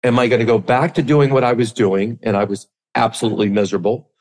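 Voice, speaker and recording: A middle-aged man, a guest on an interview podcast, telling his story with lively acted-out quotes. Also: mid-range voice, quick pace. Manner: animated storyteller, acts out quotes. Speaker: podcast guest, business coach.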